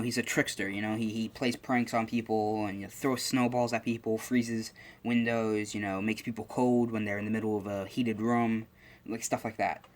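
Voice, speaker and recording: Young guy telling a made-up fan story, lots of um and you know, just kinda rambling along. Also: mid-range voice. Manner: rambling, many fillers and restarts. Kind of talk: casual improvised fan-fiction storytelling.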